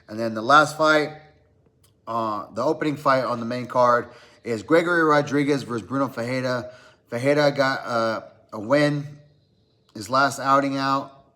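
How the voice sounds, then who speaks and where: A man's voice: mid-range voice, pushed and bright. A man hosting a podcast, giving casual fight picks in a loose, conversational way with lots of fillers. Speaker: podcast host. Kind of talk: casual fight-pick chat. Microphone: podcast mic.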